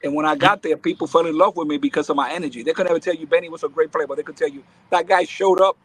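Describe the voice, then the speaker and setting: A middle-aged man from the Bronx, a baseball academy owner, speaking as a podcast guest in an emphatic, animated way and laughing often. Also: a little high, racing, slightly rough, dry recording, low-quality recording. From Bronx, New York. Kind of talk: casual podcast interview.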